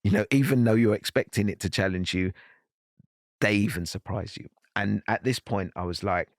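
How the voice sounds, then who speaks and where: Low-voiced man telling a personal story. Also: steady tone, normal speed, dry recording, clean studio sound. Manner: earnest, reflective, with frequent restarts. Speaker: podcast guest.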